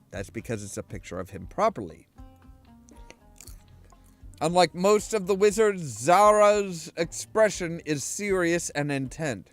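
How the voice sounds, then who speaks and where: A man reading a video game's text aloud, chatty, with asides and restarts. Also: high-pitched. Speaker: game streamer.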